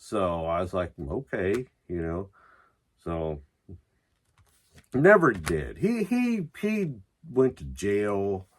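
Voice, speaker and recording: A drunk, high man rambles through a loose home vlog, his voice husky and fairly low. His pitch swings wildly from low mutters up to sudden high bursts. He swears freely and keeps restarting his thoughts. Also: huge pitch swings, slow, long pauses. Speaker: metal vlogger.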